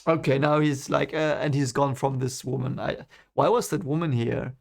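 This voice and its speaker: A young man reading a novel aloud and thinking out loud about it in casual commentary, rambling and restarting his sentences. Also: mid-range voice, fairly even intonation, moderate pace, creaky. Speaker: book reaction reader. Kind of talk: casual read-along commentary.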